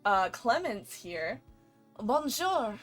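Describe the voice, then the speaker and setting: A woman voicing a flirty, relaxed woman café owner from a game, charming and unhurried. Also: a little high, faint music behind, heavily acted.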